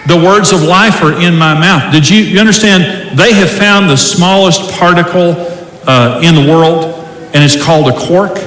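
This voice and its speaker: Here the pastor's voice sits fairly high and bright as he speaks at a normal speed, with a little hiss or hum audible. He's a middle-aged man delivering an emphatic sermon full of scripture quotes, recorded in an echoey church hall with faint ambience.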